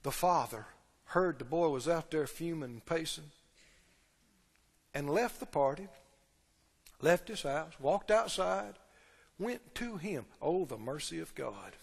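A man preaching a sermon, telling the story with lively acted-out voices and swings between loud and hushed delivery. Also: fairly high pitch, measured pace, gravelly, pauses often, husky. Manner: storytelling, acts out quoted characters, shifts between loud and hushed. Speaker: pastor. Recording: long hall reverb.

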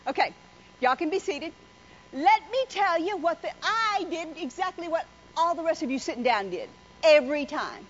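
A woman preaches a sermon in a high voice, telling folksy stories and teasing the congregation. The recording is a little dull and muffled, with faint background noise. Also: expressive, moderate pace. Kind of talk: sermon with storytelling.

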